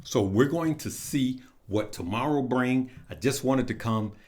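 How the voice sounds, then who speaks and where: Slow-talking man giving market commentary. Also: medium pitch, darkish tone. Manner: conversational, addresses viewers as guys, frequent fillers.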